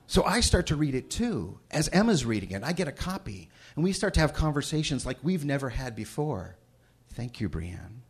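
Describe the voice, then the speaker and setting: Middle-aged guy telling a story live on stage, husky breathy voice, goes quiet then loud. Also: medium pitch, big pitch swings, a little fast. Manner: shifts from hushed asides to loud shouted reading. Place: stage before a live audience.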